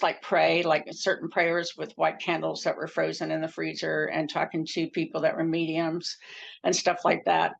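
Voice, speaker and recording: Gravelly woman telling her story. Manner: earnest, acts out quoted speech with pitch jumps. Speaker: near-death experience storyteller. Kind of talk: casual personal storytelling. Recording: dull lo-fi recording.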